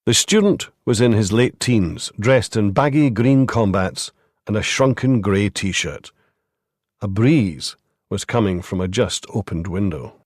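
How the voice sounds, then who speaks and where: Low-voiced male audiobook narrator. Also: animated, a little slow, darkish tone, no echo, clean studio sound. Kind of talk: scripted narration.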